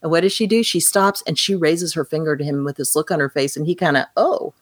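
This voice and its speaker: A woman with a low voice, recorded dry and close. She talks through a film in relaxed podcast chat, lively, and slips into the characters' voices when she quotes them. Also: fast talker, dry recording. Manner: animated, acts out quoted lines. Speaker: podcast co-host. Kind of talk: casual film discussion.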